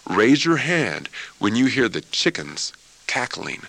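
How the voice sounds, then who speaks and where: A man teaching a music lesson for children, with an expressive, playful way of explaining. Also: mid-range voice, measured pace, creaky. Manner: expressive, playful, imitates chicken sounds. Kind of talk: classroom lesson narration.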